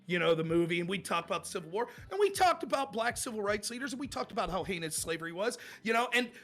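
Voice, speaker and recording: A man's voice: high-pitched, fast talker. A man guesting on a podcast, telling debate stories in casual talk and mimicking his opponents. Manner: animated, mimics opponents in quoted voices.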